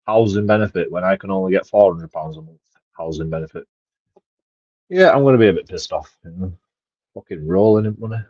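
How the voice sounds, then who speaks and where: A man's voice: sits low, darkish tone, dry recording. Man, swearing vlogger rant, dull dry lo-fi sound. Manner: swears heavily, rambling, with restarts and laughs. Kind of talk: casual ranting monologue.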